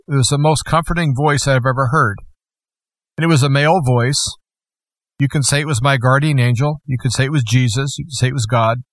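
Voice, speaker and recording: A man's voice: medium pitch, a bit bright, dry recording. Earnest man with a dry voice. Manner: earnest, deliberate storytelling. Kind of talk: personal testimony.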